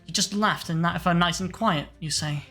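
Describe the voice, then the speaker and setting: A woman's voice: fairly low pitch, moderate pace, a bit bright, faint music behind. A woman playing an earnest young defense lawyer. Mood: probing. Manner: probing, questioning.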